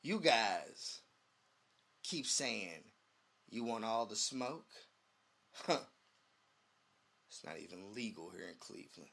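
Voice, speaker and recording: A man co-hosting a casual podcast, telling stories with animated quoted voices. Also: on the low side, takes it slowly, creaky, pauses often. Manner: animated storytelling, acts out quotes. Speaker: podcast co-host. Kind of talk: casual chat.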